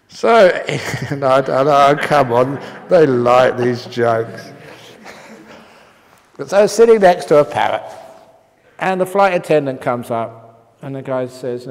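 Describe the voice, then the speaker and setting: A man's voice: mid-range voice, lively intonation, takes it slowly, creaky, long pauses. An older man, a Buddhist monk, giving a humorous dharma talk at a meditation retreat, telling jokes and stories with the odd cough. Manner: joking storyteller, occasional coughs. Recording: long hall reverb.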